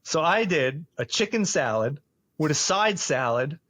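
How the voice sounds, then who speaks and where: Lively New man telling stories. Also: on the high side, unhurried, no echo, clean studio sound. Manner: animated, laughs often, acts out quoted voices. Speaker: podcast host. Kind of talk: casual storytelling.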